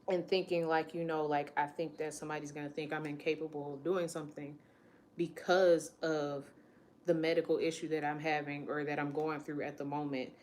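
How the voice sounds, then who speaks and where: A woman's voice: low-pitched, little pitch movement, normal speed. A woman in her late twenties telling a personal story in a candid, emotional way, often quoting what others said to her. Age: late 20s. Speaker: vlogger.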